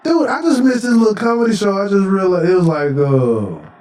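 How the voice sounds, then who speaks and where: A man co-hosting a podcast in animated, profane casual chat. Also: high voice, brisk. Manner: animated, profane, acts out voices. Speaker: podcast co-host. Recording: distant from the mic.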